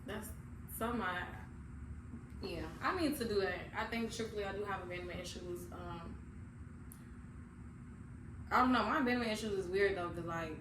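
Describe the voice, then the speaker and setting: Loud, laughing podcast woman in echoey room. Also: mid-range voice, moderate pace, pauses often. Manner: candid, laughs often, gets loud when excited. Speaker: podcast co-host. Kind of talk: casual chat. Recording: echoey room, mic far off, noisy.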